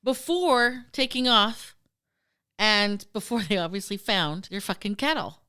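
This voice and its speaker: Woman podcast host, bright and smooth, swings her pitch a lot, swears freely. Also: unhurried. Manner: animated, profane, acts out quoted voices. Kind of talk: casual storytelling chat.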